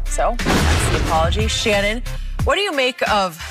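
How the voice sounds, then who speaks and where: A woman hosting a sports debate show, reading a news item in a crisp, measured way before handing off to a panelist. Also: medium pitch, sing-song. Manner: crisp, measured newsreader delivery. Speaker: host. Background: hip hop music.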